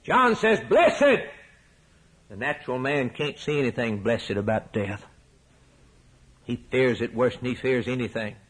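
A male preacher delivering a sermon with rhetorical repetition, rising to soaring emphatic peaks and dropping to hushed low lines. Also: steady tone, normal speed, husky, poor audio.

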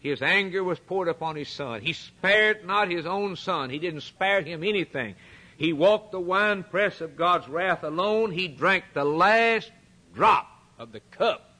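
Man preaching hard, kinda high voice, repeats lines for punch. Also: animated, measured pace, sharp tone. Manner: dramatic retelling, emphatic repetition. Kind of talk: sermon.

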